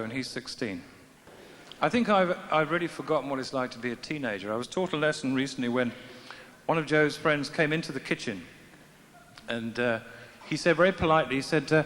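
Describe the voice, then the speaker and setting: Expressive and a little fast, the middle-aged comic's mid-range voice has a fairly bright tone, with slight hiss or hum in the background. He addresses a live audience at a large festival venue via a stage microphone, keeping his humor dry and self-mocking. Faint ambience fills the echoey hall.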